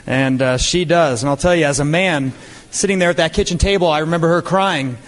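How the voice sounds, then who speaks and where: Earnest man speaking in a big hall. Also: on the high side. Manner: earnest, plain-spoken, with "uh" pauses. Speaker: speaker at a business event. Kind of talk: motivational speech. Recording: reverberant hall with faint crowd.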